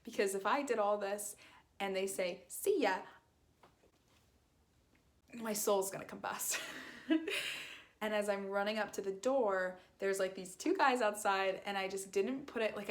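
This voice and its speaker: A woman's voice: mid-range voice, brisk. A young woman telling a casual storytime, rambling with lots of fillers and acting out quoted lines. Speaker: vlogger.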